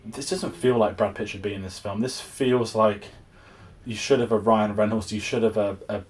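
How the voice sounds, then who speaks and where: A man's voice: on the low side, steady tone, moderate pace, a little mellow. A young English man giving a casual, exasperated film review, rambling with frequent restarts. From England.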